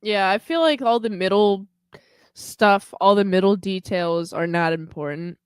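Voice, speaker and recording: A woman's voice: medium pitch, a little slow, smooth, no echo. A woman co-hosting a podcast in casual chat, rambling and hedging with lots of filler words. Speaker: podcast co-host.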